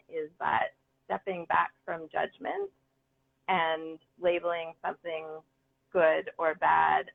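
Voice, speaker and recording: A woman's voice: sits low, creaky. A woman artist talking earnestly and enthusiastically about her work in a casual conversation. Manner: earnest, enthusiastic, many ums. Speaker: guest artist. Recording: phone-like call audio.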